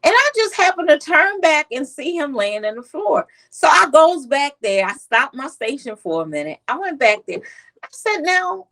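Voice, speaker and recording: East coast woman nurse chatting in an interview, kinda high voice, lively storytelling, does little kid voices. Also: moderate pace, hardly any pauses, rough recording. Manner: animated storyteller, acts out children's voices. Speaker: pediatric nurse and author, guest.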